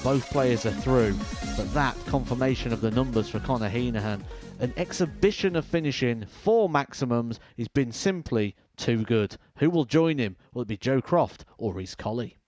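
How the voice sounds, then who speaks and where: A man giving live darts commentary, measured as he sums up results and looks ahead to the next match. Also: mid-range voice, animated, darkish tone, soft background music.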